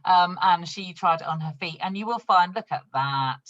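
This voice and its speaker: A woman's voice: lowish voice, normal speed, a bit bright, dull audio. A woman running an online training session for new consultants. She talks in a chatty, upbeat way, laughs often and shows products as she explains them. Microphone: video call.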